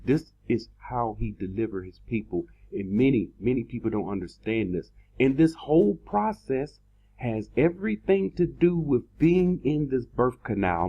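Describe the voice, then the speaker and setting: A man preaching a sermon in an online video, emphatic, repeating words and slowing down to stress his points. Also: medium pitch, warm tone, husky, dull audio.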